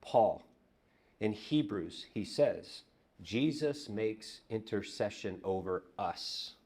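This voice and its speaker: Pastor guy giving a sermon, lowish voice, chatty storytelling, gets real quiet sometimes. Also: animated, slow pace, slightly rough. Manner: conversational, storytelling, drops to hushed repetitions. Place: church.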